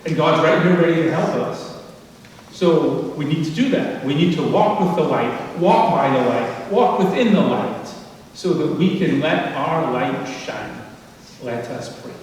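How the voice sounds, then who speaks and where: A man's voice: on the high side, animated, a little slow, a little mellow. Man preaching in an echoey church. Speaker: pastor. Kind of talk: sermon. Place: church sanctuary. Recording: echoey sanctuary from a distance.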